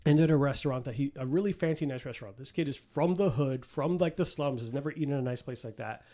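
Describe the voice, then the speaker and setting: A man hosting a casual podcast chat, retelling film and show scenes with lots of swearing and quick impressions. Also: medium pitch. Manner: animated storyteller, swearing, acting out film scenes. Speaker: podcast host.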